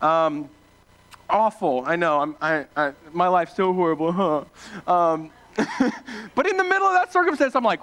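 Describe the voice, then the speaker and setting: Young male preacher from small-town Ohio, high voice, animated and filler-heavy storytelling. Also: a little slow. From small-town Ohio, USA. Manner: animated, self-deprecating, many fillers and restarts. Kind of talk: casual storytelling sermon.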